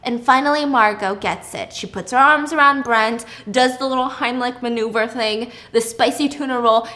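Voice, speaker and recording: Young woman with a high voice telling a story, animated, does little voices for people. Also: moderate pace. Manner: animated, acts out characters with shouting and whispers. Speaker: podcast host. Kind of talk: casual storytelling with voiced quotes.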